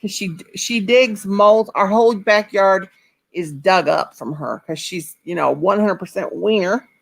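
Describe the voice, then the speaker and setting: A woman's voice: medium pitch, measured pace, vocal fry. A woman hosting a casual live chat, laughing easily and talking about her dogs.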